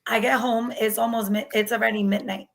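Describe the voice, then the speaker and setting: A woman's voice: a little high, little pitch movement, brisk, slight background noise, poor audio. A woman, speaking candidly as an interview guest recounting her own experience and acting out past conversations. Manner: candid, acts out past dialogue. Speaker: guest sharing her story. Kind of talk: personal storytelling.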